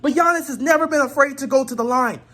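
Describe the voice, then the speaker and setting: A woman delivering a heated sports rant, exasperated and repeatedly shouting in disbelief. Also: sits high, fast talker. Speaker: sports commentator.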